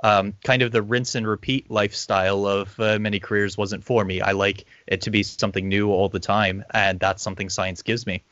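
A young man, a conservation scientist, answering an interview question in a relaxed, thoughtful way with plenty of ums and uhs. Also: fairly low pitch, brisk, few pauses, no echo, lo-fi sound. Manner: relaxed, thoughtful, with many fillers.

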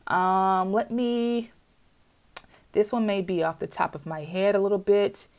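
A woman's voice: mid-range voice, steady tone, a little slow, darkish tone. A woman giving a casual grammar lesson on commas, chatty, with playful asides and frequent checks that the viewer is following. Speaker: writing teacher.

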